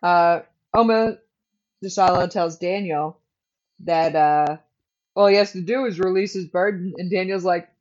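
An adult woman co-hosts a podcast in a lowish, slightly mellow voice, speaking a little slowly. She chats and jokes while recapping an episode, laughing often, on a dull lo-fi recording.

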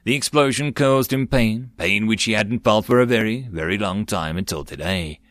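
A man narrating a web-novel audiobook in a steady storytelling manner. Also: lowish voice, normal speed, dry recording. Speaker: audiobook reader.

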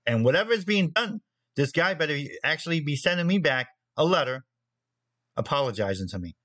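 A man's voice: fairly high pitch, big pitch swings, a little fast, a bit bright, no echo, rough recording. Guy ranting on his show, blunt and punchy, repeats himself for emphasis, dry close sound. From New Jersey. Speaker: magazine editor. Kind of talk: opinion monologue on a show.

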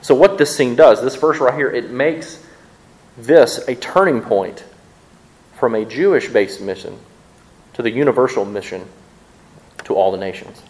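Addressing his congregation in a conversational sermon, a male pastor with a medium-pitched voice frequently repeats words rapidly while thinking aloud. The church audio is poor.

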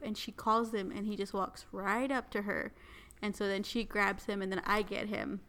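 A woman telling a funny story in casual chat, animated and quick to laugh at herself. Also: medium pitch.

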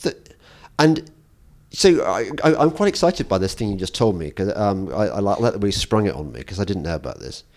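A man hosting a podcast interview, talking in an animated way with frequent restarts and teasing asides. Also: lowish voice, brisk. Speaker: podcast host. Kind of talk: conversational interview.

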